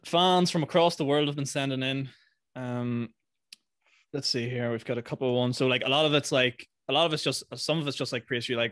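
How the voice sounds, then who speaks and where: A man's voice: medium pitch, fairly quick, a bit bright, dry recording. A young Irish man hosts a podcast from his room. His voice sits close and dry on the mic. He asks long, rambling questions padded with "like" and laughs easily along with his guest. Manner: rambling questions full of fillers, laughs often. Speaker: podcast host. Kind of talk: casual chat.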